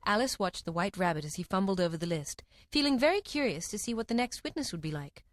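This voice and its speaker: A woman narrating a classic storybook in an expressive, animated reading. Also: medium pitch, quick pace, no room sound.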